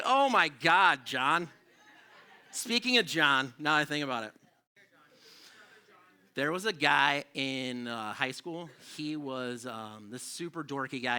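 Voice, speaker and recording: A man's voice: mid-range voice, sharp tone. A middle-aged man performing a live stand-up set in a comedy club, rambling and self-deprecating and swearing freely.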